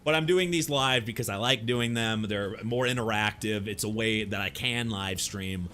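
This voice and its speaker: A man's voice: lowish voice, moderate pace, bright, forceful tone, a little hiss or hum. A young man live-streaming a webcomic read-through, chatting loosely with his viewers between panels. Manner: reads comic dialogue aloud, then chats loosely with viewers. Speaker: streamer reading a webcomic aloud.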